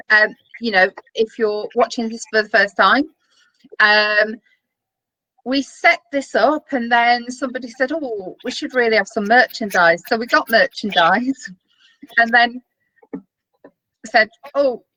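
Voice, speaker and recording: A woman's voice: on the high side, sharp tone, no room sound, rough recording. A woman co-hosting a casual web show, chatting in a rambling way with plenty of fillers. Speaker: co-host.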